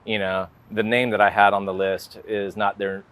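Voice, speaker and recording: An American man with a fairly low, clear, resonant voice keeps a level tone and a moderate pace, with a touch of brightness. As a guest artist being interviewed, he rambles casually, using plenty of "like" and "you know."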